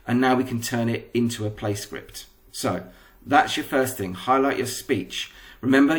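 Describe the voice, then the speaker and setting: English male teacher, patient step-by-step lesson, mid pitch. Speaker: primary school teacher. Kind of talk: recorded lesson explanation.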